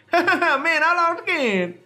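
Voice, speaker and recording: A man voicing a cheerful, carefree young boy trainer from a video game in a high, bouncy voice. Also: sing-song, drawn-out words, sharp tone, soft background music, full character voice.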